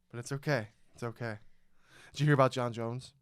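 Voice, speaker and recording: A man's voice: mid-range voice, lively intonation, quick pace, clean tone, dry recording, studio quality. A man co-hosting a casual podcast, talking animatedly, swearing often and acting out scenes as he tells them. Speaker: podcast co-host, former fighter.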